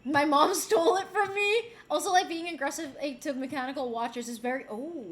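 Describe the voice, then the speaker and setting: Talking briskly with hardly any pauses, this woman from Puerto Rico has a high-pitched, fairly bright voice. On her stream she chats casually while reading viewer messages, playful and giggly, mixing in bits of Spanish and French.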